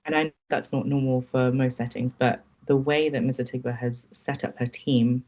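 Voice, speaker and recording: A woman's voice: extremely low pitch, flat delivery, normal speed, a little mellow, low-quality recording. Woman, podcast guest, earnest, candid, reflective personal story. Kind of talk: personal account in interview.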